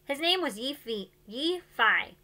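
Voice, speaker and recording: Rich: A woman reading aloud as a gruff older motel owner who speaks bluntly and waves things off. The voice is bright and lively despite the gruffness. Storybook reading. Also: high voice, a little slow, exaggerated voice.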